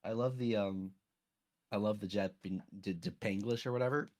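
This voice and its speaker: A man joining over a voice call, reacting quickly and laughing at the jokes. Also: fairly low pitch, a little mellow. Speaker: guest on a call.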